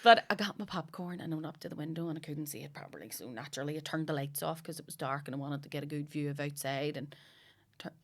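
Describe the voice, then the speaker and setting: A woman's voice: low-pitched, fast. A woman with a Northern Irish accent telling stories in casual podcast chat, swearing freely and laughing often.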